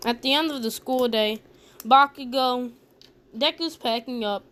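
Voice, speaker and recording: A woman's voice: a little high, measured pace, a bit bright. A woman casually narrating a fan story with chatty rambling asides.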